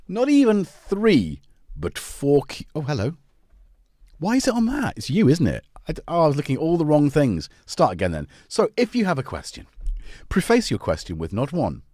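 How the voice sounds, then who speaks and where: A man chatting on his own live stream, loose and jokey, forever wandering off on tangents. His pitch swoops up and down a great deal as he talks. The sound is dry and close, with no room echo at all. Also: darkish tone. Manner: rambling, jokey, full of tangents and asides to his cats. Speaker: livestream host. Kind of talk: casual live-stream chat.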